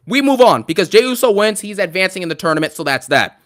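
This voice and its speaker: A man hosting a live stream, ranting in an animated, sarcastic and emphatic way. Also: sits high, very fast.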